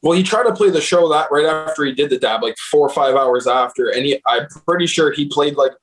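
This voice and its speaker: A man's voice: a little high, a little fast, rough recording. A young man, a booking agent, casually telling road stories, profane and laid-back, laughing along. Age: young adult. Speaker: guest, concert booking agent. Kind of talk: casual storytelling.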